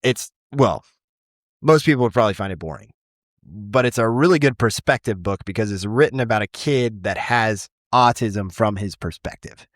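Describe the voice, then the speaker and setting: A man who teaches high school English, chatting casually on a podcast and rambling with frequent restarts and the odd swear word. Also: moderate pace, no room sound, clean studio sound.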